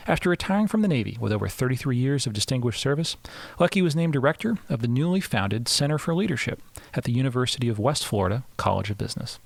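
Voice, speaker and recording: A man's voice: mid-range voice, sing-song, fast talker, vocal fry, hardly any pauses, no room sound. A man hosting a podcast, reading a scripted introduction and interviewing a guest. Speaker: podcast host.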